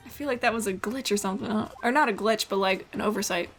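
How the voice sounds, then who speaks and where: A woman's voice: medium pitch, fast talker, soft background music. A woman casually co-commentating a video game with playful, giggly banter. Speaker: let's play co-commentator.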